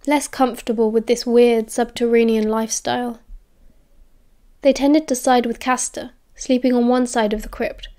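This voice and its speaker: A young woman with a British accent narrates an audiobook in a steady, even reading voice. Her tone sits a little high and stays measured, line after line.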